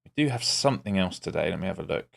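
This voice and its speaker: A man's voice: sits low, expressive, quick pace, creaky, a bit bright. A man streaming live as a day trader, giving casual, wry commentary with muttered asides to his viewers.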